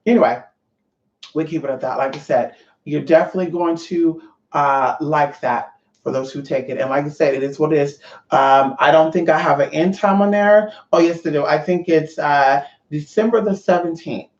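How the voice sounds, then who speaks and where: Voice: mid-range voice, normal speed. A Californian host ranting on a livestream, swearing freely and chatting straight to viewers. The voice sits in a middle register and echoes around the room. The sound is dull and lo-fi. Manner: profane, animated, chatty with viewers. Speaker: livestream host running online classes. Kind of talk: casual livestream rant.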